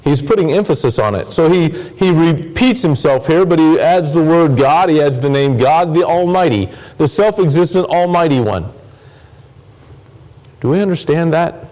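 A man's voice: on the high side, animated, moderate pace, darkish tone, low-quality recording. A man preaching a sermon as pastor, earnest, often repeating words and phrases for emphasis.

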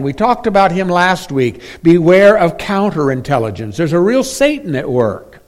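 A man preaching a sermon as pastor, emphatic, swinging between loud stressed phrases and quiet drops. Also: sits high, very animated, normal speed, few pauses.

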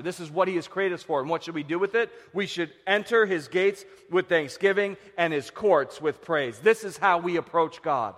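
High-voiced male pastor preaching in a hall. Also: moderate pace, hardly any pauses. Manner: preaching with swings from loud shouts to hushed lows. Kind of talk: sermon.

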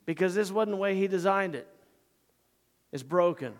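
Male pastor, high voice, sermon delivery, loud emphasis dropping to hushed asides, long reverb from a church hall. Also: normal speed. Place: church sanctuary.

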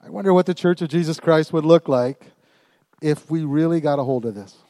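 A man preaching a lively sermon, calling out to his congregation and swinging from quiet asides to loud emphatic lines. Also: on the high side, brisk, dry recording. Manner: animated, call-and-response with congregation. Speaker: pastor. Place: church.

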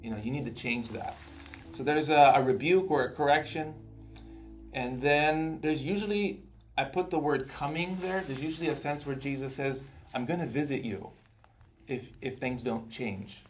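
A man teaching a Bible study group in a relaxed, conversational way, often repeating words and checking in with his listeners. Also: a little high, moderate pace, faint music behind.

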